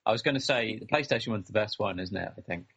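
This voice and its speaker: A man's voice: lowish voice, fast talker, vocal fry, a bit bright, breathy edge, dull audio. A man with a Birmingham accent co-hosting a podcast, teasing his co-host with dry humor in casual chat. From England. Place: London.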